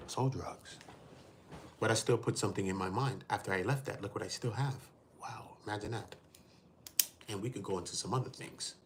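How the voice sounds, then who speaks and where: A man's voice: medium pitch, fairly quick, a bit bright, slight background noise. A man hosting a casual livestream, talking in heavy street slang, cursing, preaching and addressing his chat directly. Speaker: livestream host.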